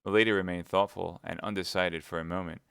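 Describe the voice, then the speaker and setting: A man reading a classic novel aloud on a live stream, in measured, steady narration. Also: deep voice, vocal fry, smooth, no room sound, studio quality. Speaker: reader, streamer.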